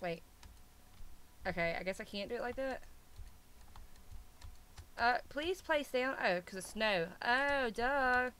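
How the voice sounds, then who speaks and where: A woman's voice: a little high, lively intonation, takes it slowly, pauses often, sharp tone, slight background noise. A young woman chatting casually while she plays a game, playful and self-mocking, often scolding her pets. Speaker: gaming video host. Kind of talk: casual chat while playing.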